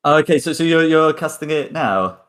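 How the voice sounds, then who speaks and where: A man's voice: fairly high pitch, lively intonation, moderate pace, fairly bright tone. A man acting as game master, narrating hesitantly with many ums and repeated words. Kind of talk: running a tabletop game.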